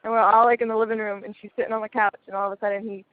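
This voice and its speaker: A woman's voice: mid-range voice, flat delivery, rapid-fire, clear, resonant tone, no room sound. A woman telling a story in casual chat, blunt and laughing often. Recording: tinny phone-like line.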